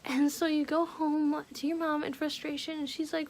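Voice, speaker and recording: High, gravelly young woman half-whispering. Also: fairly even intonation. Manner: hushed, often slipping into a whisper; halting, heavy use of "like". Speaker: vlogger. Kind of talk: personal storytelling.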